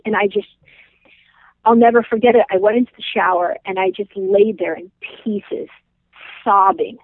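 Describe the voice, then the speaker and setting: A woman's voice: medium pitch, no echo. Passionate woman on a phone line. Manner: passionate, emphatic repetition. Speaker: business owner guest. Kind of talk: podcast interview, emotional storytelling. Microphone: phone call. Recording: tinny phone line, dry.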